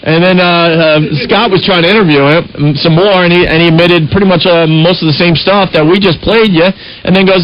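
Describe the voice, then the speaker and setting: A man's voice: high-pitched, steady tone, a little fast. A male talk radio host with a slightly raised voice, reading a news article aloud and breaking in with casual asides for his co-host. The sound is a bit dull, like an old broadcast recording.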